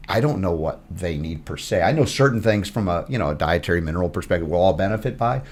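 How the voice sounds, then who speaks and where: A man with a very low, deep voice speaks as a podcast guest. He reflects in a thoughtful, philosophical manner, weighing spiritual ideas as he goes. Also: expressive, quick pace. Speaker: podcast guest, health broadcaster. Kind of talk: reflective conversation.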